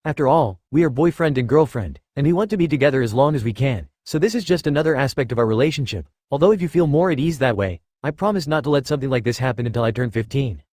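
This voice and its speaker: A man's voice: mid-range voice, lively intonation, quick pace, hardly any pauses, a little mellow, no room sound, studio quality, lightly acted. A man voicing a playful, mischievous young man who coaxes and teases his girlfriend in an audiobook story. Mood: reassuring. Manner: playful, coaxing.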